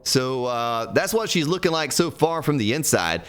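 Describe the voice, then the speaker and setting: A man's voice: fairly high pitch, very animated, brisk, hardly any pauses, a bit bright. Guy streaming a game, folksy rambling chat, voice swings up and down a lot. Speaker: gaming streamer. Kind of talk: casual let's-play commentary.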